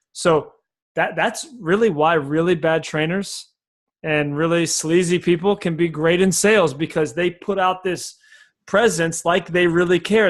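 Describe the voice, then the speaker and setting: A man speaking as a sales coach on a podcast, explaining his method in an energetic, folksy way and repeating key phrases. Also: fairly high pitch.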